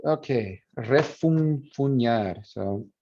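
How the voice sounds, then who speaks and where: Guy teaching a class review, mellow voice, lo-fi classroom audio. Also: medium pitch, animated. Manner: explanatory, repeats words slowly to model pronunciation. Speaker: Spanish phonetics instructor. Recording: dull lo-fi classroom recording.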